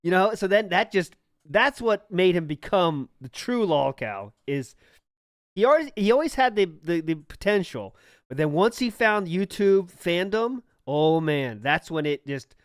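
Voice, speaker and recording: A man's voice: sits high, sing-song, measured pace, no echo, studio quality. A man co-hosting a podcast in casual chat, blunt and swearing often, sometimes acting out what other people said. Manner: blunt, swears often, acts out quoted lines. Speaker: podcast co-host.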